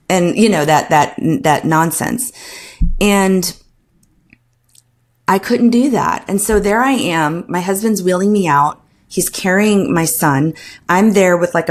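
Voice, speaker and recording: Low-voiced woman telling a personal story. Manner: earnest, emotional retelling with many restarts and quoted dialogue. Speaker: podcast guest.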